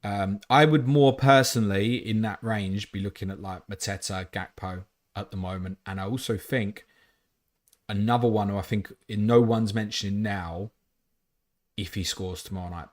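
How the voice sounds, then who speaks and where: A man's voice: lowish voice, normal speed. A man hosting a live fantasy football stream, reading out chat questions and answering them bluntly, with casual swearing. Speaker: fantasy football livestream host.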